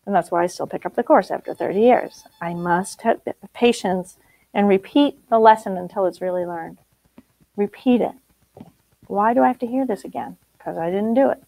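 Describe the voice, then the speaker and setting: A woman's voice: mid-range voice, normal speed, creaky, warm tone, no room sound, poor audio. A middle-aged woman teaching a spiritual group, blunt and emphatic, laughing often.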